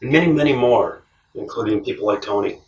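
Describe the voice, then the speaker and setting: A man's voice: on the low side, brisk, creaky, recorded from a distance. A man telling stories casually, laughing often and acting out the people he quotes. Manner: animated, laughs often, acts out quoted voices. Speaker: cross-country traveller. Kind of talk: casual storytelling. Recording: roomy, from off-mic.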